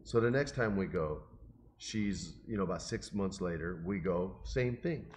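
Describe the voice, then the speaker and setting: A middle-aged man casually telling an emotional, animated story and quoting the people in it. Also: sits low, a little slow, slight background noise. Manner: animated, emotional, quotes people in his stories.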